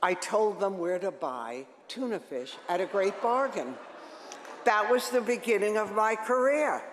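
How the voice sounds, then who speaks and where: An older woman tells animated, joking stories to a crowd in a large hall. Her voice rings out with a long, roomy reverb. She speaks as a seasoned radio host recalling her career. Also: mid-range voice, a little slow, a little hiss or hum. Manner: lively, joking, animated storytelling. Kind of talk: storytelling talk to an audience.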